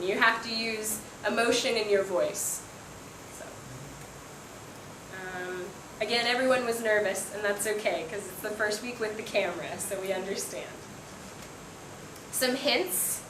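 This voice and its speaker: A woman's voice: mid-range voice, measured pace. A woman English teacher gives spoken feedback to a class, encouraging, with frequent ums and small laughs. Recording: echoey room, faint room noise.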